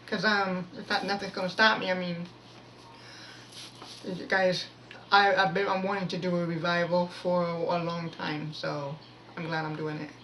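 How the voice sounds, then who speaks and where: A woman giving a casual, rambling devotional talk with a prayer, often restarting her sentences and pushing her voice to be loud. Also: fairly low pitch, level tone, normal speed. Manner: rambling, many restarts, pushes to speak loud. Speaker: devotional video speaker. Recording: voice from far off the mic, faint noise.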